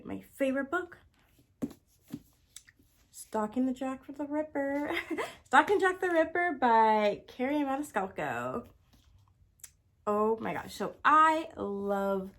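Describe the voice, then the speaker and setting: Woman, casual and gushing book vlogger, speaking from home. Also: on the high side. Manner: gushing, enthusiastic, lots of "oh my gosh" and "like". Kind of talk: casual chat. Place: home, indoors with her cat.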